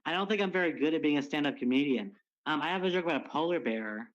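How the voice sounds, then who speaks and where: A man's voice: a little high, animated, fast, lo-fi sound, noisy background. A man calling into a stream, chatting casually in a rambling, self-deprecating way. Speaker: stream caller. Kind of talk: casual chat.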